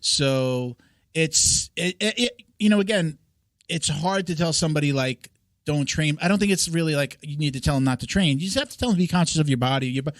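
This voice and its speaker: A man's voice: fairly high pitch, lively intonation, brisk, no room sound. A man in his forties hosting a podcast, telling stories in a rambling, casual way with frequent restarts. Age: 40s. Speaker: podcast host.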